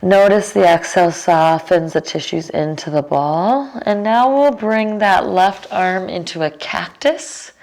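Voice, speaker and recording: Woman, yoga teacher, unhurried calm cues, slightly low voice. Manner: slow, calm cueing with fillers. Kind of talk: guided yoga instruction.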